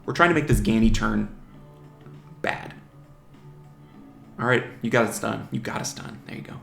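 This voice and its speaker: A man with a gravelly, fry-edged voice casually narrates his own online game match. He mutters strategy, second-guesses his moves and jokes at the enemy monsters. The sound is roomy, with faint music playing behind him. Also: on the low side, fast, fairly bright tone. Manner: chatty, mutters strategy aloud, teases opponents' monsters. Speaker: gaming channel host. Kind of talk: casual live game commentary.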